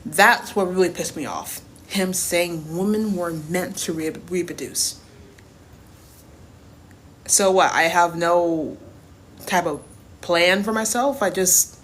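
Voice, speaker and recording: A woman's voice: on the low side, lively intonation, unhurried, pauses often, a bit bright, a little hiss or hum. Blunt, swearing young woman. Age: 20s. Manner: blunt and profane, repeats herself for emphasis. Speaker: TikTok creator. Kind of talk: casual storytime rant.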